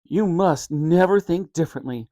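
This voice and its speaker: A man voicing a distraught, tearful mother in a children's storybook reading, with a high, wailing voice. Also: normal speed, mellow, dry recording, close to an everyday voice. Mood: pleading.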